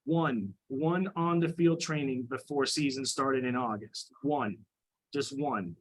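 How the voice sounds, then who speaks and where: A man who coaches high school girls lacrosse, making an indignant, emphatic complaint at a committee meeting and often restarting his sentences. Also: slow, poor audio. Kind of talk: public comment at a committee meeting.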